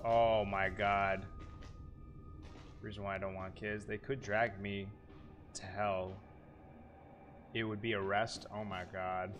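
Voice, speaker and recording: A man's voice: on the low side, level tone, unhurried, pauses often, fairly bright tone, highs cut off, soft background music. A man in his thirties streaming a horror game, reacting aloud, swearing and talking to his chat. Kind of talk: live gameplay commentary.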